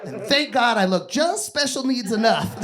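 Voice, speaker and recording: A man performing a crude stand-up comedy set on a club stage, yelling his punchlines and telling stories. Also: extremely high pitch. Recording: noisy live club recording.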